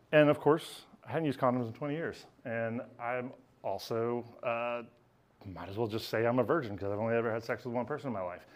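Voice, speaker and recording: A man telling a candid, self-mocking personal story on stage at a live storytelling event, laughing as he goes. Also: medium pitch.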